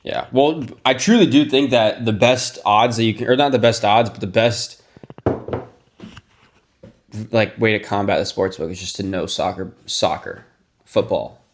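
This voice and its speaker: A man's voice: fairly low pitch, moderate pace, a little hiss or hum. A man co-hosting a podcast, talking eagerly about sports in a chatty, hedging way. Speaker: podcast co-host. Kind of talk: casual chat.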